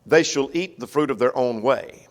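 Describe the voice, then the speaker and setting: A man's voice: medium pitch, expressive, moderate pace. A man teaching a Sunday Bible class in a folksy way, often checking that the class follows. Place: church. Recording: long church reverb.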